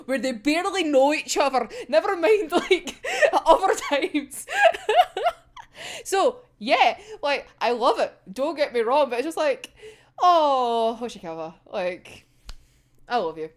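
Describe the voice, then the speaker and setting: Young woman host, high and animated, excitable and foul-mouthed, casual reaction chat. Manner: excitable, swears a lot, laughs often. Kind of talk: casual manga reaction vlog.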